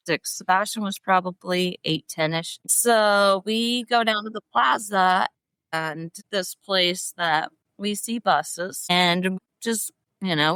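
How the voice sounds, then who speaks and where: A middle-aged woman, a podcast guest, telling stories in an animated, expressive way. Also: medium pitch, clean tone, dry recording. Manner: animated, expressive, often laughing. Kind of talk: emotional storytelling.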